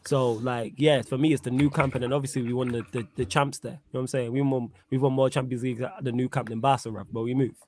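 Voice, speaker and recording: A man hosting a casual football chat, slangy and animated, laughing often. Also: mid-range voice, fast, hardly any pauses, a little hiss or hum. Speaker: podcast host.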